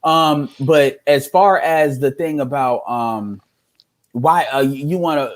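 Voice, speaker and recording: A man's voice: medium pitch, slow. A man giving casual reaction commentary as a streamer, ranting in a heated, profane way.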